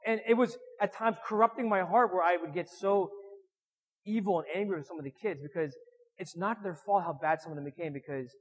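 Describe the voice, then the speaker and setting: A man preaching a sermon, animated, acting out whiny voices with sudden loud and soft turns. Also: high-pitched, a little fast, in a large hall, poor audio.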